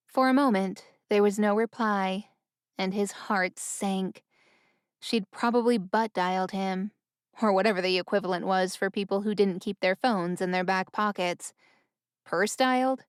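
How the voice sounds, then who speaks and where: Brief: female audiobook narrator, smooth and resonant, dry close studio sound, even pacing. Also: medium pitch, no echo.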